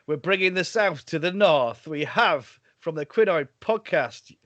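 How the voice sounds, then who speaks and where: A man's voice: a little high, expressive, a little slow, a bit bright, no echo. Guy hosting a podcast over a video call, laughs a lot, restarts his sentences, dry sound. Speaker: podcast host. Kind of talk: casual chat. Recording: dry, slightly dull audio.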